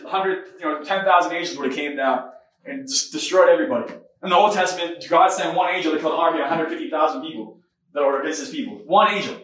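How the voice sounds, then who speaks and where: A man's voice: on the high side, fairly bright tone. A man hosting a podcast, preaching a casual spoken sermon with fervor, tossing in "man", "right?" and "come on". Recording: very echoey room, mic far off.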